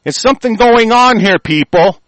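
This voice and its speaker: A man's voice: sits high, animated, normal speed, a bit bright, no room sound. A man delivering a heated, rambling rant, swearing constantly and stumbling over restarts. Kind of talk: angry profane rant.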